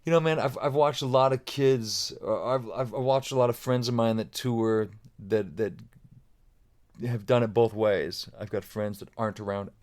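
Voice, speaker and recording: A man's voice: medium pitch, normal speed, darkish tone. A middle-aged man talking casually as a podcast guest, rambling with many restarts and fillers. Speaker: guest drummer.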